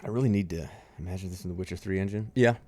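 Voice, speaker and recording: Talking rapid-fire in a deep, darkish voice, a streamer jokes and rambles through a game mod, swearing at times. It's casual gaming commentary over faint game music.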